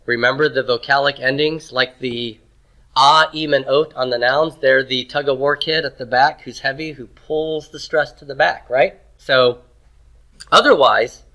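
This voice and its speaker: Teacher: man, bright tone, quizzes the class and cracks folksy jokes. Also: medium pitch, a little slow, low-quality recording. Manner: drills pronunciation, asks the class questions, folksy jokes. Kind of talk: classroom lecture.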